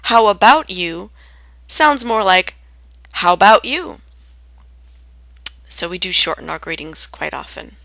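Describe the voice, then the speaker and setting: A woman gives a lesson on everyday English greetings, her tone bright and a little sharp. She speaks clearly and deliberately, lifting her voice to act out each example phrase. The recording is dry and close. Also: on the low side, very animated, no room sound. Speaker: English teacher. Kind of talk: scripted lesson on spoken greetings.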